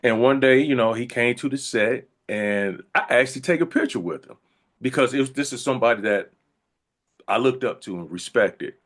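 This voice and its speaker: A man, an actor being interviewed, telling funny anecdotes in a casual, animated way, slipping into voiced quotes. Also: medium pitch, moderate pace. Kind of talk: casual storytelling.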